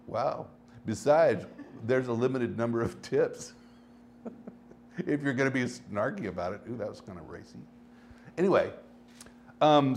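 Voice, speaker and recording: A man hosting his own podcast, talking casually and rambling through stories, swinging between animated bursts and low asides. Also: slight background noise. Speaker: podcast host. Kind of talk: casual solo podcast monologue.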